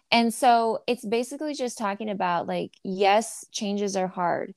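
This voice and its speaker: Woman podcast co-host, chatty and playful, mid-pitched, dry sound. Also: steady tone, measured pace, hardly any pauses, darkish tone, no room sound. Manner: bubbly, jokey storyteller. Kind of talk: casual chat.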